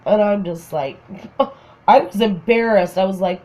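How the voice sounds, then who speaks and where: A woman's voice: medium pitch, measured pace, darkish tone, poor audio. A woman with a Minnesotan accent casually telling a funny personal story, often laughing. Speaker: craft vlogger.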